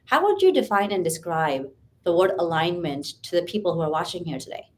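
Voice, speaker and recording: A woman's voice: lowish voice, lively intonation, brisk. A woman hosting an interview, attentive and asking her guest to explain his terms. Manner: attentive, frequent short affirmations. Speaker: host. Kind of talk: interview host.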